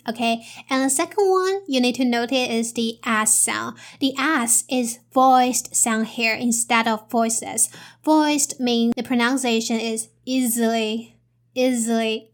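Young woman teaching pronunciation, slow and careful, a bit high, spells stuff out letter by letter. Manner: repeats each sound twice for the learner. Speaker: English teacher. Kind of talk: English pronunciation lesson.

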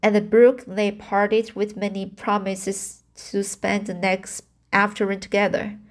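A woman reading a novel aloud, slow and halting, stumbling and restarting on hard words. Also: mid-range voice, level tone. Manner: apologizes for mistakes. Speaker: reader. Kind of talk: amateur audiobook reading.

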